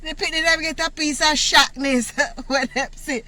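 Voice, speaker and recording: A woman from Jamaica with a Jamaican accent, telling a personal story in a casual, animated way, laughing often and using patois words. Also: high-pitched, normal speed. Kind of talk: casual story time monologue.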